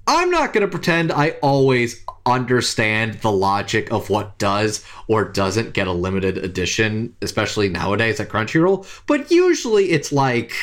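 A man co-hosting a casual podcast chat, animated and swearing freely, his voice jumping high when excited. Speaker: podcast co-host.

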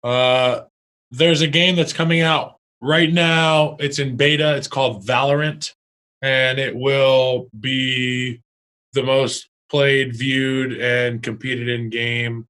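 A man's voice: mid-range voice, fairly even intonation, slow, sharp tone, poor audio. A young man co-hosting a podcast in casual chat, blunt and joking. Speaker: podcast co-host.

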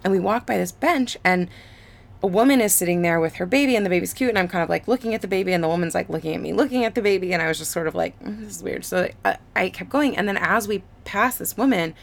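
A woman with a low voice and a lot of vocal fry chats casually. She rambles through her story with many fillers and small restarts. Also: quick pace. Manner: rambling, filler-heavy, laughs along.

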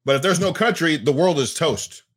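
A man's voice: expressive, brisk. Fervent praying male podcast host. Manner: fervent, rising to high emphatic peaks. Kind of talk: casual chat and spoken prayer.

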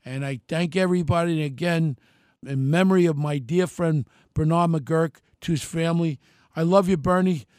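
An older man, hosting a radio and podcast show in an impassioned political monologue that swings from shouting to low, quiet talk. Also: moderate pace, smooth, dry recording, clean studio sound. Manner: ranting, shouting at times, then dropping low.

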